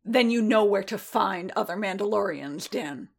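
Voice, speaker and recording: A woman reading the lines of an angry, hurt helmeted warrior man in a rough, snapping tone. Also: medium pitch, expressive, normal speed.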